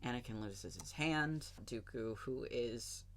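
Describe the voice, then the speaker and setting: A woman co-hosting a podcast, rambling through a film plot in casual, animated chat and swearing now and then. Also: a bass voice, slow pace. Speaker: podcast co-host.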